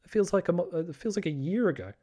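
Excitable swearing male podcast host. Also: high voice, fast talker. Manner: excitable, swears freely, many fillers and restarts. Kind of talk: casual solo podcast chat.

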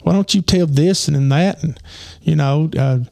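A man telling a rambling personal story with lots of fillers, his voice getting hoarse. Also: on the high side, moderate pace, mellow, no room sound, studio quality. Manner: rambling, many fillers and restarts. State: losing his voice. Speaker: podcast host. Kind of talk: casual storytelling.

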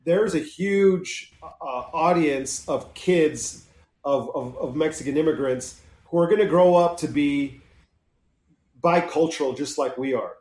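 A man's voice: a little high, unhurried, darkish tone. A man from California in casual chat, enthusiastic and playful. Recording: echoey room.

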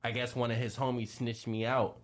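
A man's voice: medium pitch, flat delivery, brisk. A young man co-hosting a casual podcast, telling a story in heavy slang and acting out the voices. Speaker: podcast co-host.

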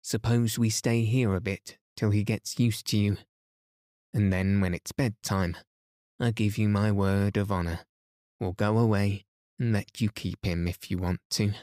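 A man reading a calm clever boy. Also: lowish voice, a little slow, no echo, clean studio sound, close to an everyday voice. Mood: persuading.

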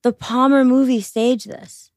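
A woman's voice: high voice, fairly even intonation, measured pace, a little mellow, dry recording, clean studio sound. Profane, mocking young woman co-host. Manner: profane, mocking, laughs often. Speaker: podcast co-host. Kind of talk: casual chat.

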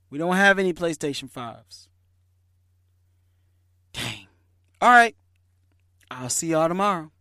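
A man, hosting a podcast and telling a lively, slangy story in a casual way. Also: on the high side, dry recording, studio quality. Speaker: podcast host.

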